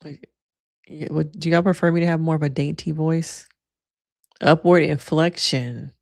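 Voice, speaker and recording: A woman's voice: low-pitched, level tone, a little fast, creaky, dark tone, no echo, studio quality. A woman giving casual, sassy reaction commentary on a reality show, laughing often and talking in a playful way.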